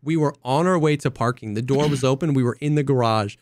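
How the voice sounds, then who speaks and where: A young man co-hosting a casual podcast, an excitable storyteller who acts out quotes in high voices. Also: fast talker, no echo, studio quality. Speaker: podcast co-host. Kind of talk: casual chat.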